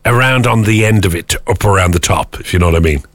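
An Irish man co-hosting a breakfast radio show, chatting casually and sometimes shouting. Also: low-pitched, fast, no echo. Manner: animated, breaks into loud shouting.

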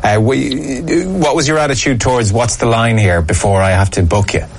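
A man's voice: mid-range voice, moderate pace, husky. A man interviewing a guest, asking long probing questions with a teasing manner. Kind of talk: conversational interview.

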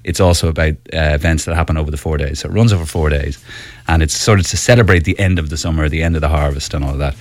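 A man guesting on a radio show, relaxed and blunt with dry humour. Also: very deep voice, rapid-fire, no echo. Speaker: guest musician. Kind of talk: casual radio interview. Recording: dry studio.

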